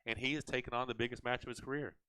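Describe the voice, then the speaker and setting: Smooth-voiced animated man chatting. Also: mid-range voice, rapid-fire, dry recording, low-quality recording. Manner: animated, rambling with restarts. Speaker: host. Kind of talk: casual live chat.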